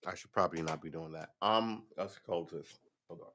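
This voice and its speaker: A somewhat low-pitched man, casual and sarcastic, reads headlines off a screen and riffs on each one. He wonders aloud and speculates freely in a loose, unscripted way. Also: brisk, a bit bright, slight background noise. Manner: sarcastic, offhand, thinks aloud. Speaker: commentator reading news headlines. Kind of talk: casual live-stream commentary.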